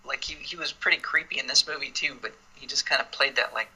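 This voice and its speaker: A man co-hosting a casual film podcast, laid-back, acting out scenes in high goofy voices. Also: fast talker, bright, forceful tone, breathy edge, low-quality recording. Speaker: podcast co-host.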